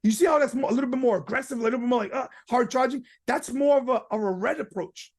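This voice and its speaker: A man giving a casual webinar training talk from home, animated, slipping into character voices and leaning on fillers and restarts. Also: very high-pitched, quick pace. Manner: animated, acts out quoted people in character voices. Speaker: business trainer.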